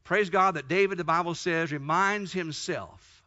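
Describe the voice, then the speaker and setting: A male preacher with a high, bright and tense voice delivers a fervent sermon. He tells Bible stories with emphatic repetition, captured on a dull, lo-fi recording. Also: a little slow, few pauses.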